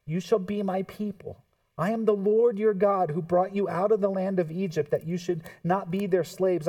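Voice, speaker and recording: A man preaching a sermon as a pastor, swinging between hushed tones and emphatic outbursts and acting out quotes in other voices. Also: high voice, recorded from a distance.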